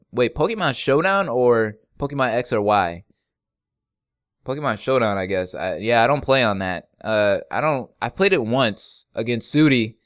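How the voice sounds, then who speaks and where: A young man chats through fan questions in a loose, joking way, laughing often as he goes. His voice sounds smooth and clear, recorded close with a dry, dead sound. He rambles easily from one answer to the next. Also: mid-range voice, a bit bright, dry recording. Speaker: YouTube gaming channel host. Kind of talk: casual Q&A vlog.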